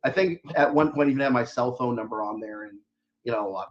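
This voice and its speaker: Male guest author, casual and rambling, mid-pitched; slightly dull recording. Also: brisk. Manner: rambling, chatty, lots of fillers and restarts. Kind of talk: casual interview chat.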